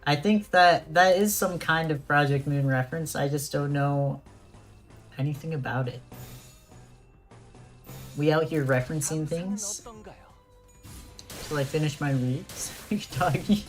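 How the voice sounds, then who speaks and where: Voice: medium pitch, measured pace, pauses often, faint music behind. A streamer chatting casually during a live gameplay stream, laughing often and reacting to chat.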